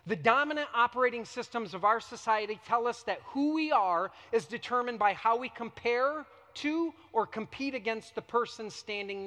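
A man preaching a sermon as a pastor, emphatic, with dramatic pauses and repetition. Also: sits high, sharp tone, in a large hall. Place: church sanctuary.

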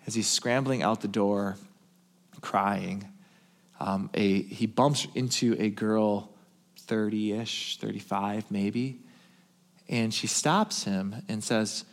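A male pastor preaching, telling a story in a hushed, tender voice and then building to emphatic calls. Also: fairly low pitch, fairly even intonation, slow pace. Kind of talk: sermon storytelling.

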